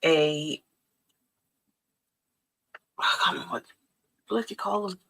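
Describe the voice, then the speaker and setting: A woman's voice: on the low side, measured pace, vocal fry, bright, forceful tone, rough recording. A woman co-hosting a casual livestream who chats in a friendly, helpful way while she paints.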